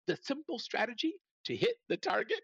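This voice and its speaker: A middle-aged man hosting a live business talk, energetic and folksy, speaking straight to his listeners. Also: extremely high pitch, brisk, vocal fry, breathy edge, dry recording, dull audio. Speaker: host.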